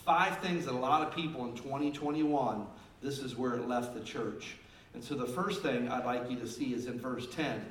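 Male pastor in his fifties, sermon delivery, emphatic then hushed, echoey room, a bit off-mic. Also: mid-range voice, normal speed, a little hiss or hum. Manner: emphatic, swinging between loud emphasis and quiet asides. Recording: roomy and distant with faint ambience.

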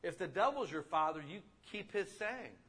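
A male pastor preaching a sermon in a conversational, animated way, asking the congregation rhetorical questions. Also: sits high, a little fast, husky.

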